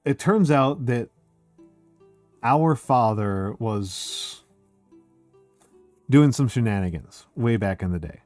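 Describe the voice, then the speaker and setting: Male streamer, animated and swearing, dry close mic, soft music bed. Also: mid-range voice, slow pace, pauses often, no room sound. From United States. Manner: excitable, swearing, heavy filler words. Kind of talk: casual chat.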